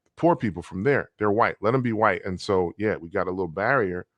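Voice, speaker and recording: A man speaking as a guest in an emphatic, animated conversation. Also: deep voice, brisk, no echo, muffled recording. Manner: emphatic, acts out voices to make points. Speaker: guest artist.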